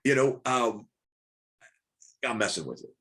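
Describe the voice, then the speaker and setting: Fast-talking, coaxing male business coach. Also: mid-range voice, animated, pushed and bright. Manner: rapid, repetitive restarts, coaxing and rhetorical questions. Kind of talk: live group coaching call.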